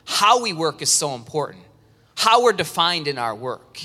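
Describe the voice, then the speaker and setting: A man preaching an animated sermon, acting out worried churchgoers in a high, strained voice. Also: moderate pace. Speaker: pastor. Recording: reverberant hall sound.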